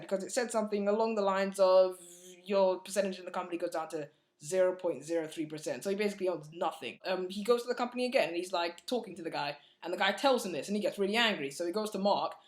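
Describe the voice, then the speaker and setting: Fast-talking man rambling through a review. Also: sits high. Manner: fast, rambling, full of fillers and restarts; blunt, chatty. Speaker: movie reviewer. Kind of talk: casual spoken film review.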